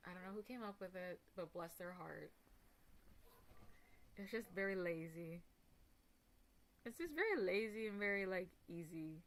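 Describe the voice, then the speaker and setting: Woman streamer ranting, blunt n sweary, lowish voice. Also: expressive, a little slow, long pauses. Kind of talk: casual ranting stream talk.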